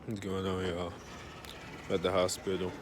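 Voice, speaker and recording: A young man vlogging in a casual, slangy, laid-back way, telling stories with animated bursts. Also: sits low, moderate pace, noisy background. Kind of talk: casual vlog chat.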